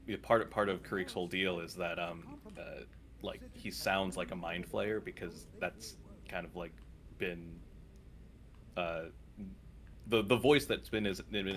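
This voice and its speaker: Man, very low pitch, hesitant, stumbling, casual game chat. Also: fairly bright tone. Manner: hesitant, many restarts and fillers. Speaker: podcast player.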